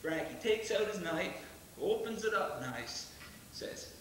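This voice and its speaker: A man's voice: sits high, animated, slow pace, a little hiss or hum. A male actor on stage playing a rowdy young stoner in a monologue, rambling and crude, laughing and saying "man" a lot. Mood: crude bragging. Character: rowdy young male stoner bragging about a wild ride. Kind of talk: theatrical monologue. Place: theatre stage. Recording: echoey stage from far off.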